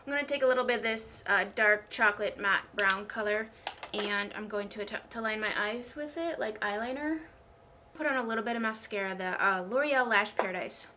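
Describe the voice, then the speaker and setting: Slight background noise sits under a mid-range voice that is brisk, bright and forceful. A young woman who vlogs about beauty rambles through a casual get-ready-with-me chat while doing her makeup, sounding congested, struggling a little to speak and making fun of herself.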